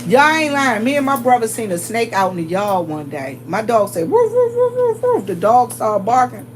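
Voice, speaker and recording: A woman with a Southern US accent, chatting to her viewers in an animated, storytelling way and laughing often. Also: mid-range voice, normal speed, a little hiss or hum, low-quality recording. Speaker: vlogger.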